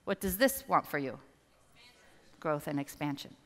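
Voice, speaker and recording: A woman business coach giving a motivational seminar talk, animated and addressing the audience directly. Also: low-pitched, measured pace. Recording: reverberant hall.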